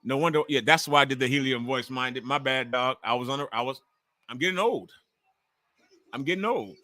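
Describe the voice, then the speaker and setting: Brief: bright, dry-sounding man in his forties, livestream host, excitable and cursing, talks over the action. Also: medium pitch, fairly quick, no echo. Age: 40s. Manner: loud, profane and excitable, reacting to the action. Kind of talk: live commentary while watching wrestling.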